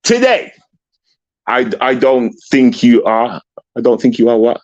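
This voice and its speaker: A man's voice: mid-range voice, big pitch swings, measured pace, long pauses, darkish tone, muffled recording. A man hosting a livestream call-in, confrontational and repetitive, swearing and ranting at a caller. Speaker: livestream host.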